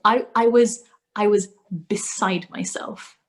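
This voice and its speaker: A woman's voice: mid-range voice, steady tone, slow, low-quality recording. A woman hosting a casual live-stream chat, gushing and rambling, with many restarts. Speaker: host.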